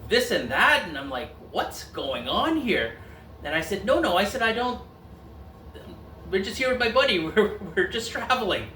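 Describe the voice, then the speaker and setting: Animated storytelling man in an echoey room. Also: on the high side, a little hiss or hum. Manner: animated, acts out quoted voices. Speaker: storyteller host. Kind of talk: casual storytelling. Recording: echoey room, mic at a distance.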